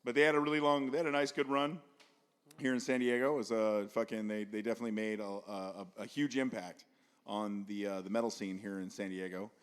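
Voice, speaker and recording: A man's voice: lowish voice, level tone, fairly quick, clean tone. A man hosting a casual podcast at a house party, laid-back, laughing often and swearing casually. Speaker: podcast host.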